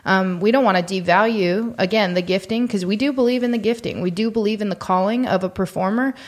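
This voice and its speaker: A woman co-hosting a faith-based podcast, earnest and encouraging, slowing down to guide listeners through deep breaths. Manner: earnest, encouraging, speaks slowly when leading prayerful moments. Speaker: podcast co-host.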